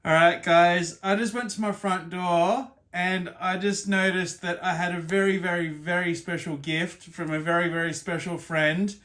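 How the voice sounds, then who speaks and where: A man's voice: sits high, steady tone, normal speed, hardly any pauses, a bit bright. A man, chatting casually in his art vlog and often repeating words as he talks. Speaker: acrylic pour artist vlogger.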